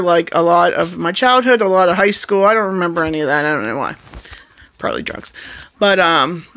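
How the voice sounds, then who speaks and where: A woman family vlogger in casual chat, talking in a rambling, excitable and jokey way. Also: lowish voice.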